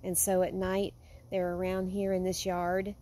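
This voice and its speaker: A woman vlogging at home, talking in an earnest, heartfelt way that sometimes drifts soft and quiet. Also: lowish voice, completely flat delivery, measured pace, noisy background. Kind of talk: casual vlog monologue. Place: home with a yard.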